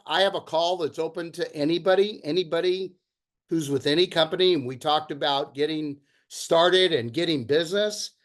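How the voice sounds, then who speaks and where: High-voiced man giving a pep talk. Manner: enthusiastic, pep-talk delivery. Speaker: meeting host. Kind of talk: motivational meeting talk. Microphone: video call.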